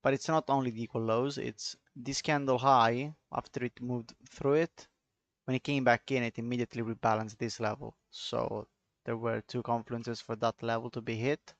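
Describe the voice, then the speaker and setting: Italian guy doing live trading chat, gravelly voice, kinda muffled dull mic. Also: medium pitch, level tone, moderate pace, no room sound. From Italy. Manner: chatty, talks to chat viewers, loose and offhand. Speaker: trading streamer. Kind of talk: casual live commentary on charts.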